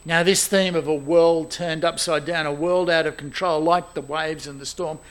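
A man preaching a sermon, animated and exclaiming, moving between loud emphasis and quiet asides. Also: on the high side, normal speed, clear, resonant tone.

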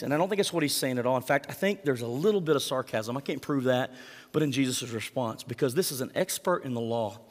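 Man preaching in a reverberant hall. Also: fairly high pitch. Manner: conversational, asks the congregation direct questions. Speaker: pastor. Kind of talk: sermon.

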